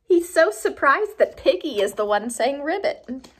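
A preschool teacher reading a picture book aloud to young children, with animated, expressive storytelling. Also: female voice, sits high, unhurried.

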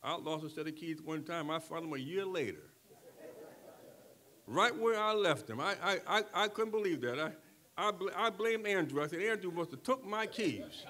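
An older man preaching a sermon, who keeps checking in with the congregation and moves from quiet talk to shouting. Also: a little high, expressive, moderate pace. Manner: call-and-response preaching, swings from soft talk to shouting. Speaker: pastor.

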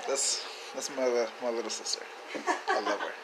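A man telling a story in a casual video message, rambling and laid-back, with many fillers and casual swearing, growing loud and excited as it builds. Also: mid-range voice, normal speed, vocal fry, slight background noise, rough recording. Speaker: sender of a video message to a friend. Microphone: phone video message.

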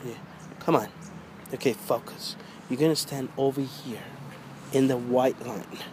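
A man coaching his young daughter at basketball outdoors, coaxing and repeating encouragement, sometimes rising to loud urging. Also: fairly even intonation, unhurried, a crowd in the background. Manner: encouraging, repetitive coaxing, gets loud and high when urging. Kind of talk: casual coaching. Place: outdoors by a hoop. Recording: faint outdoor background noise.

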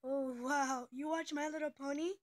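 A woman's voice: high-pitched, steady tone, normal speed. A young female speaker who says she is twelve, chatting casually and giggling often as she hops between topics. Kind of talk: casual chat on a call.

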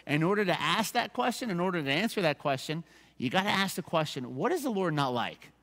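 A man's voice: high voice, lively intonation, fairly quick, a bit bright, in a large hall. A man preaching a sermon as pastor, conversational, repeating verse references and checking in with the congregation. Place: church sanctuary.

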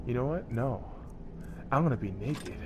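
A man's voice: medium pitch, lively intonation, moderate pace, background noise. A man doing a rowdy, profane, over-the-top let's play commentary. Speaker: gamer.

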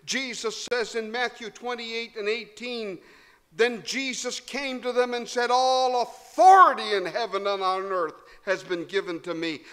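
Man, sermon, slow measured delivery, dramatic swings loud to hushed, long church reverb. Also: high-pitched, smooth. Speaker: preacher. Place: church hall.

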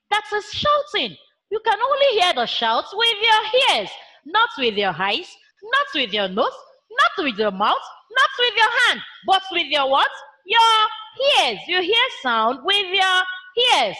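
High, lively Nigerian woman teacher. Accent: Nigerian English. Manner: slow, sing-song call-and-response teaching with animal sound imitations. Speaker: primary school teacher. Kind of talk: children's online science lesson.

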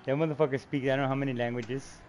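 A male live streamer chatting through a racing session, cussing freely and breaking into laughter as he tells stories. His voice sits at an ordinary middle pitch, with a faint hiss of noise underneath. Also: racing. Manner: profane, laughing, animated storytelling. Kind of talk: casual gaming banter.

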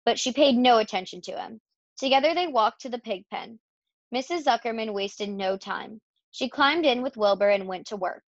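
A woman reads a children's chapter book aloud in a steady, expressive voice. Her voice sits a little high. The recording is dry and somewhat dull. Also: normal speed, gravelly, dry recording. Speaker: reader. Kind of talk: storybook read-aloud.

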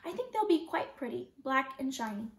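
A woman voicing a lively, imaginative young girl who speaks in a playful, reassuring way. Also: high-pitched, normal speed. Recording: roomy echo.

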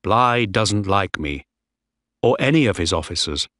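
A young ship officer speaks with defiant, firm resolve, as a man puts him on. His delivery is slow and his pitch moves a lot, recorded dry and close. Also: expressive, fairly bright tone, no echo. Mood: desperate.

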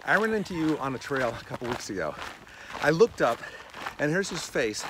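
A man in his sixties hosting a casual chat outdoors, lively and teasing, often laughing. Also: a little high, fairly quick, noisy background. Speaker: host. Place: outdoors on a hiking trail.

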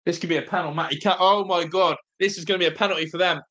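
A young man hosting a live football watch-along, nervous and excitable, groaning low one moment and shouting with joy the next. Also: rapid-fire. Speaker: fan watch-along host.

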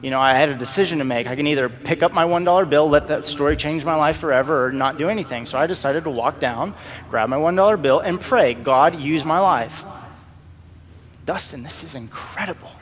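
Man, slightly high voice, storytelling preacher acting out dialogue in his testimony. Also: fairly quick, big-room sound. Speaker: speaker sharing a personal testimony.

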